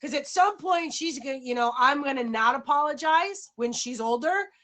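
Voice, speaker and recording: Brief: middle-aged woman, high and bright, lively storyteller in casual chat. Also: normal speed. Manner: animated storyteller, acts out exchanges.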